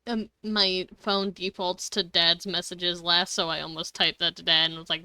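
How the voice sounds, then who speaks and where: A woman's voice: fairly low pitch, takes it slowly, bright, forceful tone, clear, resonant tone, no room sound. A woman streaming a video game live, chatting casually, giggling often and swearing freely. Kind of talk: casual live gaming commentary.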